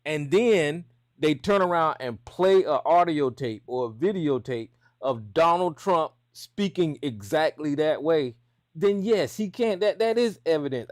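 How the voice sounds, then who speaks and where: Caller: fed-up man who swears and repeats himself, slightly high voice, dry sound. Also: no echo. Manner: exasperated, profane, repeats himself. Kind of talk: heated call-in debate.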